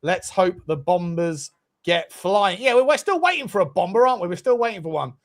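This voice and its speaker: A man's voice: high voice, big pitch swings, fairly quick. A man hosting a casual fan show, chatting and reading out viewer messages. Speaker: host. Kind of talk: casual fan podcast chat.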